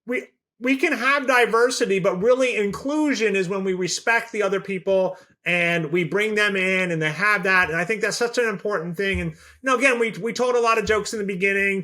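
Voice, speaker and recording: A man co-hosting a casual podcast who sounds upbeat as he wraps up with advice. His voice sits high for a man and has a bright, sharp edge. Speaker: podcast co-host.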